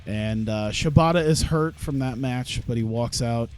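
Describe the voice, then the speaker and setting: A man's voice: mid-range voice, a little slow, smooth, soft background music. A young man streaming a wrestling management game, commentating casually with lots of swearing and laughter. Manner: profane, laughing, rambling commentary. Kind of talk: casual let's-play commentary.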